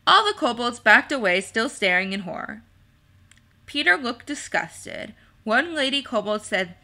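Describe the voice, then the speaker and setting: A woman reads a storybook chapter aloud, slow and measured. Her voice sits a little high and sounds bright and clear. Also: big pitch swings. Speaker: narrator. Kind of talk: storybook reading with character voices.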